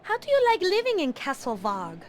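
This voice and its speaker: An actress playing a dry, sardonic young female vampire in game dialogue, with wry, deadpan retorts. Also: high voice, brisk, slight background noise.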